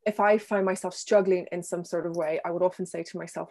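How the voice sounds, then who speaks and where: A woman answering interview questions about self-compassion in a gentle, thoughtful way, pausing with ums and restarting her sentences. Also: on the low side, fairly even intonation. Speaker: guest speaker on self-compassion.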